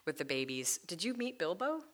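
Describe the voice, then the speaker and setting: A woman telling stories in a casual conversation, animated and laughing, often acting out the voices of people she quotes. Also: on the low side, a little fast. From United States.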